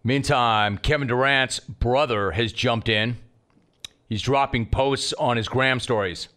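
A man hosting a sports talk radio show, riffing in an animated way and mock-scolding his producer. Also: mid-range voice, takes it slowly.

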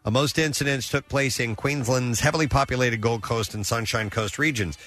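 A man with a mid-range, somewhat bright voice speaks fairly quickly as he hosts a casual talk show's news segment. He reads odd news stories aloud, often saying "uh" and correcting himself, with faint music in the background.

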